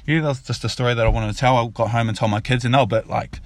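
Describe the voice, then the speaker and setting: A father casually tells a fable and its lesson, rambling loosely and repeating himself in an informal way. His mid-range voice keeps a steady tone and moves very fast, with no room sound at all.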